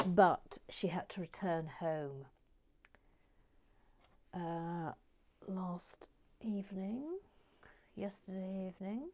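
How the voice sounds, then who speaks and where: A woman's voice: mid-range voice, dark tone. A woman hosting a casual building video, rambling along and dropping into muttered, whispered asides as she works. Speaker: host. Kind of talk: casual chat while building.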